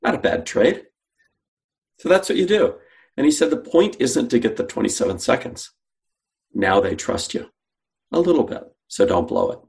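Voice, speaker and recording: A man's voice: medium pitch, very animated, moderate pace, vocal fry, long pauses, a little mellow. A man, a guest on an interview, telling a story and acting out the dialogue he quotes. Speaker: guest, sales company founder.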